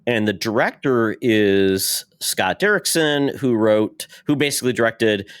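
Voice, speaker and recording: Male co-host, relaxed conversational banter with a teasing edge. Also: lowish voice, measured pace, smooth. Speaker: podcast co-host. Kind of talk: casual chat.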